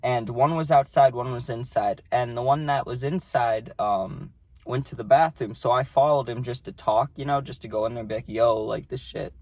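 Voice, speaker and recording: A man's voice: mid-range voice, normal speed, a little mellow, no echo. A young man telling a story about his job in a casual, rambling way, swearing freely.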